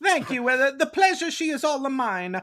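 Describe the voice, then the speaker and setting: A man's voice: extremely high pitch, very animated, normal speed, a bit bright, exaggerated voice. Mario, a man doing a whooping plumber. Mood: chipper. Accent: put-on Italian. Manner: exaggerated, whooping catchphrases. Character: cheery cartoonish Italian plumber man.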